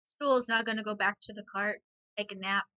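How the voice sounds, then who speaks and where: A woman's voice: medium pitch, steady tone, fairly quick, bright, forceful tone, no echo, highs cut off. A woman playing a tabletop game, describing her character's actions matter-of-factly. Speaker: player. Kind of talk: casual tabletop game chat.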